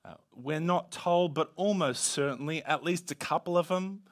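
Higher-voiced man preaching playfully. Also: moderate pace. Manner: conversational, playful asides. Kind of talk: sermon.

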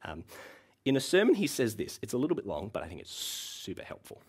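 A man's voice: fairly low pitch, fairly quick, gravelly, husky. A man in his thirties preaching a sermon as a pastor, talking in a conversational way with frequent ums and uhs. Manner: lively, conversational delivery with frequent uh and um.

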